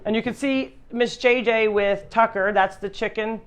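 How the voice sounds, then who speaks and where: A woman's voice: on the high side, fairly even intonation, moderate pace. Chatty woman hosting a live stream. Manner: chatty, rambling with restarts. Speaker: animal sanctuary host. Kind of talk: casual live-stream chat.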